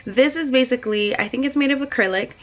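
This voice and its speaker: A young woman from New Jersey, a mother vlogging to her viewers in a casual, emotional and excited way. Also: high voice, fast talker, poor audio. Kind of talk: casual personal vlog.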